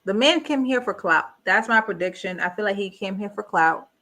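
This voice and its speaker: Woman, reaction host; bright tone, blunt and incredulous, casual commentary. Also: mid-range voice, expressive, fairly quick. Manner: blunt, incredulous, repeats rhetorical questions. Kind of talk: casual live review commentary.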